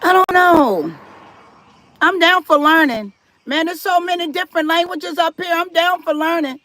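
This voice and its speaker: A woman's voice: very high-pitched, normal speed, sharp tone, no echo. A woman hosting a live stream, chatting casually with viewers and reading their comments aloud, firm about respect in her chat. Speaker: livestream host.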